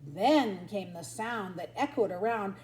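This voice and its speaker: An older grandmother reading a picture book aloud to her grandchildren in a lively sing-song manner. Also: medium pitch, unhurried. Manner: sing-song, lively storyteller, barks and yips for the dogs. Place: at home. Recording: roomy echo.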